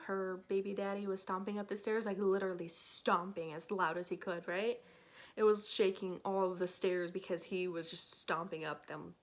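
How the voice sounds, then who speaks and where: A woman's voice: medium pitch, vocal fry. Chatty woman telling a personal story. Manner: chatty, many "like" fillers, acts out her own past lines. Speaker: storyteller vlogger. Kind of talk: casual storytime chat.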